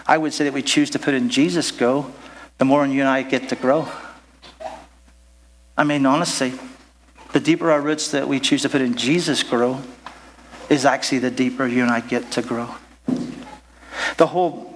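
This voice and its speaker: A man's voice: on the high side, fairly bright tone, a little hiss or hum. A man preaching a sermon at a church service in a rambling, jokey way, full of asides, on a stage microphone. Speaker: pastor.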